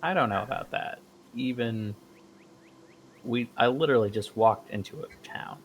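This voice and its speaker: A man playing in a tabletop game who makes quick, incredulous remarks, with faint music behind. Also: medium pitch, a little hiss or hum. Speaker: player.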